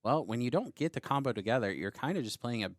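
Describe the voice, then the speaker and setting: A man's voice: mid-range voice, expressive, quick pace, no echo, clean studio sound. A man giving analytical commentary on a card game match, explaining plays step by step.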